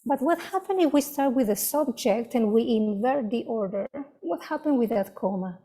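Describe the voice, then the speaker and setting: A woman with a Mexican Spanish accent leads an online English lesson over a video call. Her voice sits a little high with a mellow, soft tone, and she keeps checking in with her students. She sounds patient and encouraging. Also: lively intonation, normal speed. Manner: encouraging, checks with "right?" and "okay?". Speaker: English teacher. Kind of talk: online class teaching.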